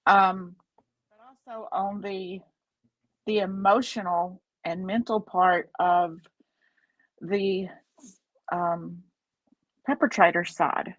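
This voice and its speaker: A woman's voice: mid-range voice, fairly even intonation, slow, pauses often, no echo, dull audio. A woman co-host speaking earnestly and emphatically in a casual chat.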